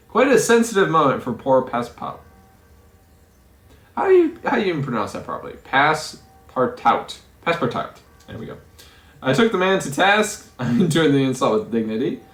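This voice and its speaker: In a roomy-sounding space, a man with a mid-range voice hosts a let's play of a story game, reading its text out loud. He thinks through his decisions as he goes and frequently trips over his words.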